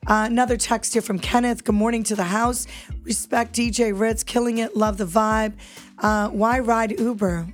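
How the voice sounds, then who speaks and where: A woman's voice: a little high, steady tone, moderate pace, faint music behind. A woman hosting a morning radio show in a studio, upbeat and chatty as she reads out listener texts. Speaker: radio host.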